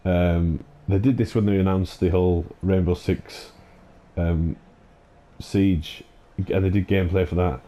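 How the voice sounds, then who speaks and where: A man's voice: deep voice, steady tone, measured pace, mellow. A man hosting a gaming channel, ranting in an exasperated, sweary way, full of fillers and restarts. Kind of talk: ranting commentary over gameplay.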